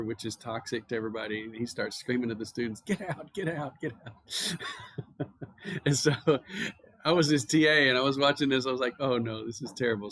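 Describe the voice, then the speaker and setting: An American man lecturing on chemistry at a university, explaining casually and telling stories with plenty of fillers. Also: medium pitch. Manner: relaxed, anecdotal explaining with filler words. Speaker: chemistry professor.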